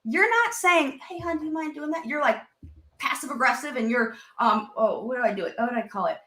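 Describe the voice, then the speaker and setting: Her high voice has lively intonation and a brisk, pushed, bright quality, captured in an echoey room. She's in her thirties, a licensed marriage and family therapist appearing as a podcast guest, chatting casually while performing quoted inner voices with occasional swearing.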